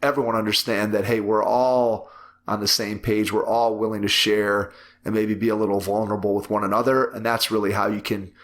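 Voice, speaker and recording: A man hosting a podcast interview, talking in a measured, reflective way and summing up his guest's points. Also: fairly low pitch, little pitch movement, fairly bright tone. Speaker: podcast host. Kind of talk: casual interview chat.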